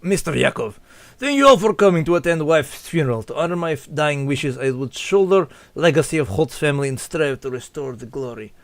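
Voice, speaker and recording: A man's voice: on the high side, animated, fairly quick, no room sound. A man voicing a cold, stern father with a put-on Russian accent and clipped, broken grammar. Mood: solemn.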